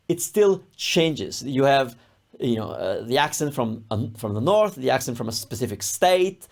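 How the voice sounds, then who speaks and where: A man with an Italian accent guides learners through an online language lesson. His voice sits a little high and has a gravelly edge. He explains patiently and slows down to model words. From Italy, Rome area. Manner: reassuring, explanatory, models pronunciations slowly.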